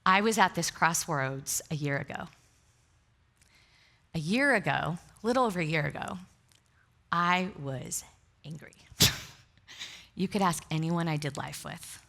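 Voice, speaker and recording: Low-pitched, creaky, and a bit bright, her voice moves a little slowly with frequent pauses. She's a middle-aged pastor addressing a congregation in the sanctuary, sharing honest, self-deprecating tales amid plenty of laughter.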